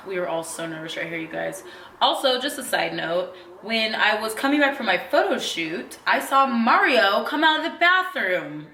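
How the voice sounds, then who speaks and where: A young woman and beauty influencer telling stories in a chatty, animated way with casual slang as she reacts to a video. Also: mid-range voice, normal speed, creaky, slight background noise. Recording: echoey room sound.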